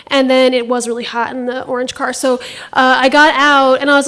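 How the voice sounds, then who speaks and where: A woman's voice: sits high, little pitch movement, brisk, a bit bright. A woman telling a first-person story on a theater stage into a microphone, wry and laughing at herself.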